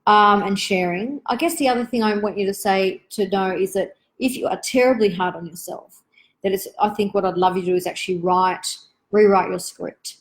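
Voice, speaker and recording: A woman, hosting a live online Q&A for parents in a gentle, reflective, chatty way with many asides. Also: mid-range voice, steady tone, normal speed, poor audio.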